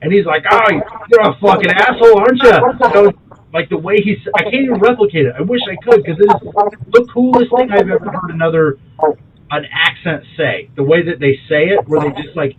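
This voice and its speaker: Husky, higher-voiced man chatting casually. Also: lo-fi sound. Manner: animated, profane, laughs a lot, does quick impressions. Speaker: podcast co-host. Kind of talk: casual chat.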